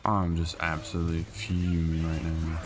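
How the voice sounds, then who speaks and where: A man's voice: extremely low pitch, completely flat delivery, moderate pace. A man giving casual, exasperated commentary while playing a video game, grumbling at teammates. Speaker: gameplay streamer. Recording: game music behind voice.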